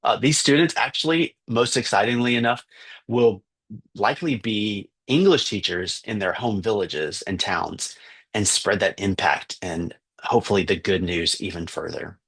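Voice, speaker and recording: A man's voice: fairly low pitch, moderate pace, a bit bright, slightly rough. A man, a missionary teacher, earnestly telling a story for fundraising, with fillers and restarts.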